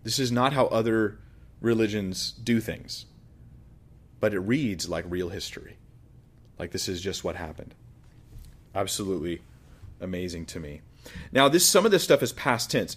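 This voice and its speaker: A male pastor teaching a Bible sermon in a conversational way, with joking asides, swinging from loud emphasis down to quiet remarks. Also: on the low side, expressive, moderate pace.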